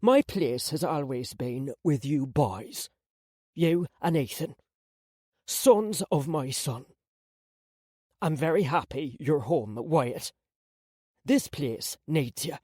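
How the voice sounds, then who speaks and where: A man voicing a sharp-tongued, wry and bossy old grandmother in an audiobook. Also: on the high side, expressive, slow, pauses often, no echo, studio quality. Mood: tender.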